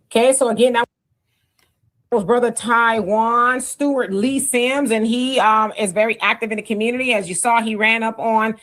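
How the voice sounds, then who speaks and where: A woman hosting a commentary show, calmly setting up clips for viewers. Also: on the high side, normal speed. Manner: calm, introduces clips. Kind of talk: casual commentary.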